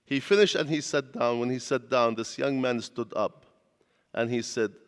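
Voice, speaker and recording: This medium-pitched man speaks at an ordinary pace with a clean tone, giving a pastor's lecture built around his own testimony. The grammar is non-native, the storytelling sincere, and the church has a long, echoing reverb.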